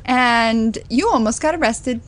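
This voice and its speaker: A woman's voice: a little high, a little slow. A woman hosting a podcast in casual chat, bubbly and teasing, laughing often. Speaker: podcast host.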